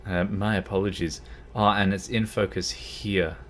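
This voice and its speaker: A man's voice: low voice, steady tone, moderate pace, a bit bright, slight background noise. A man chatting casually on a gaming livestream, rambling and easily distracted. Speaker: streamer.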